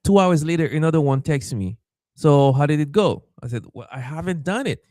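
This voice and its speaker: Animated man telling a story. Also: fairly high pitch, a little fast, dry recording, clean studio sound. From Haiti. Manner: animated, acts out quoted voices, stammers and repeats. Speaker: pastor. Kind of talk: storytelling in a podcast interview.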